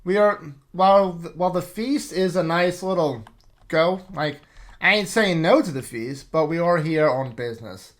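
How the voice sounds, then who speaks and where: A man's voice: on the high side, moderate pace. A man hosting a card game playthrough, reading the story aloud with offhand asides. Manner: offhand asides between read passages. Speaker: game player and channel host.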